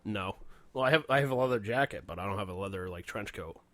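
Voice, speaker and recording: A man's voice: lowish voice, expressive, fast, fairly bright tone, dry recording. A man co-hosting a podcast in casual chat, loose and profane and laughing often. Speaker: podcast co-host.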